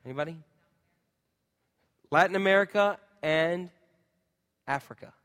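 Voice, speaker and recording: A man preaching a casual sermon, chatting with the congregation and filling pauses with ums. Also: fairly high pitch, fairly bright tone, clear, resonant tone, big-room sound. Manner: chatty, talks with the crowd, many ums. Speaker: pastor.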